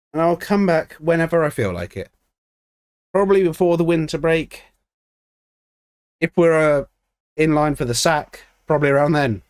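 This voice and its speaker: A man's voice: on the high side, no echo. A man giving ranting, sweary commentary on a football management game, exasperated with his team. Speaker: streamer.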